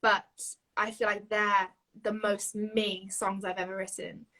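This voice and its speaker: A young singer-songwriter from Yorkshire, speaking with a Yorkshire accent, chats as an interview guest on a low-quality recording. Her mid-range voice is sharp, fairly flat in pitch and measured in pace, and she's giggly and full of fillers.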